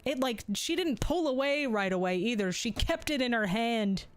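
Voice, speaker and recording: A woman's voice: on the high side, lively intonation, normal speed, clear, resonant tone. A young adult woman streamer telling crude jokes and stories in casual chat. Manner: crude, joking storytelling, laughs often.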